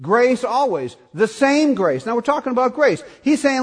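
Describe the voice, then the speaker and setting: A man preaching a sermon and reading scripture aloud, often asking the congregation questions and rising to excited, high-pitched calls. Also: normal speed. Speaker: pastor.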